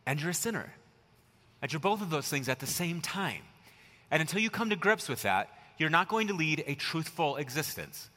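Man, pastor, sermon, forceful tone, talking with the congregation, reverb trailing off the hall walls. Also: on the high side, lively intonation, brisk. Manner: conversational, rhetorical questions to the congregation. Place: large church hall.

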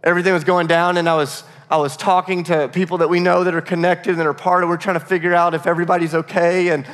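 Guy pastor preaching, earnest, kinda high voice, echo of a big church hall. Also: flat delivery, fast talker, fairly bright tone. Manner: earnest, repeats words, varies pace for emphasis. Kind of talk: sermon. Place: church sanctuary. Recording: long reverb of a large hall.

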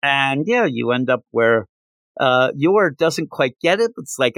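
A man hosting a podcast, retelling a manga chapter in a loose, rambling way with plenty of fillers. His voice is animated and jumps around in pitch. The recording is dry and close, with no room echo. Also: a little slow. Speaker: podcast host. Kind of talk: casual manga recap.

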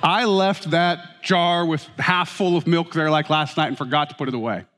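A man preaching a sermon as pastor, telling stories with animated, self-mocking humor. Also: a little high, moderate pace, slight background noise. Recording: reverberant hall.

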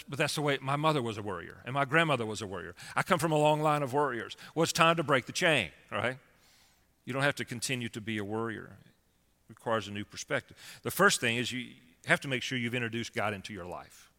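A man preaching a sermon as a pastor, conversational and animated, with offhand asides to his congregation. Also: on the low side. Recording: long hall reverb.

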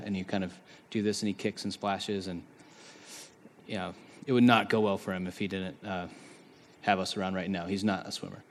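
Man preaching in an echoing hall. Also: on the low side. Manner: conversational, animated preaching with dramatized quotes. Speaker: pastor. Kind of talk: sermon. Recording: long reverb of a large hall.

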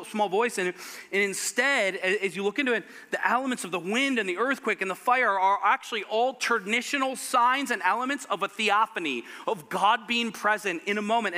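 Pastor guy preaching, high bright voice, big echoey church hall. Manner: animated, acts out quoted voices of God and Elijah. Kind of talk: sermon. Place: church sanctuary.

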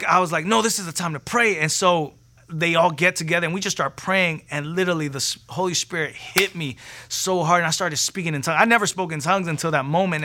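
Bright-voiced man telling his testimony. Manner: animated, acts out quotes with sharp pitch jumps. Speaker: testimony speaker. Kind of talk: personal testimony storytelling.

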